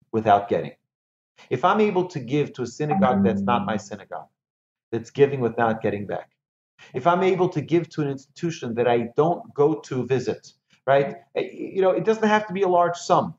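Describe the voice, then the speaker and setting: A man teaching a Torah lesson in an animated way, repeating key phrases and asking rhetorical questions. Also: medium pitch, moderate pace. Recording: echoey, slightly dull room recording.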